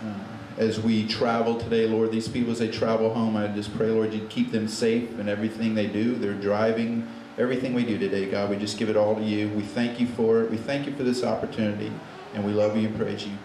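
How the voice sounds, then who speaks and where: Low, flat-voiced man leading a memorial. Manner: halting, with many fillers and restarts. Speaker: memorial service emcee. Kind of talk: informal memorial speech and prayer. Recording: echoey room with faint noise.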